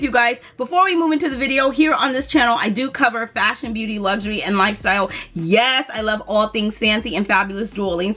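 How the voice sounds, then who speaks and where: A woman's voice: a little high, fairly bright tone. A young woman chatting animatedly in a casual beauty vlog, sometimes lilting in a sing-song way, recorded indoors at home on her camera mic. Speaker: beauty and lifestyle vlogger.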